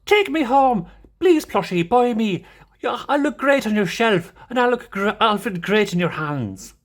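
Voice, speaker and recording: A man voicing a cute plush toy bear with an Irish accent that pleads to be bought, in a high, coaxing, sing-song voice. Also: very animated, unhurried. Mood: pleading.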